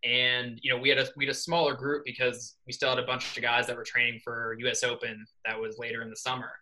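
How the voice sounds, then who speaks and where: A man's voice: mid-range voice, fast, slight background noise, poor audio. A young man from New York, a swim coach, telling a story in a casual podcast interview and acting out the dialogue. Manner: animated, acts out quoted dialogue. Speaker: assistant swim coach, guest. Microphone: podcast microphone.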